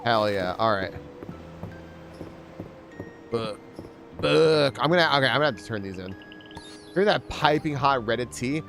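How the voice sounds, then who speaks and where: A man's voice: mid-range voice, animated, unhurried, long pauses, a bit bright, faint music behind. A man streaming a game, telling stories casually, swearing a lot and full of filler words. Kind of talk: casual gaming stream storytelling.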